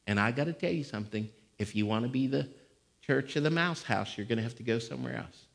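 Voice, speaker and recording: Fiery preacher man shouting bursts. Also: medium pitch, expressive, fast, vocal fry. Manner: fiery, shouting bursts between conversational stretches. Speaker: pastor. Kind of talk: sermon. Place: church. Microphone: live-streamed service mic.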